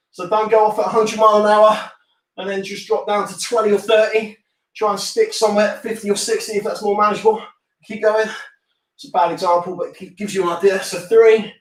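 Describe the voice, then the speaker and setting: A man from the UK leads a home workout, cheering people on and cracking jokes between countdowns. His voice sits high for a man. The sound is echoey, as if picked up from across the room. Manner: encouraging, jokey, counts down reps. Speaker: fitness instructor. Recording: roomy sound, mic at a distance.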